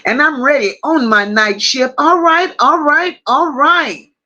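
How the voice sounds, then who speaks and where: Bright-voiced woman greeting a livestream chat. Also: high-pitched, muffled recording. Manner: warm drawn-out greetings with endearments; reads viewer comments aloud. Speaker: livestream host.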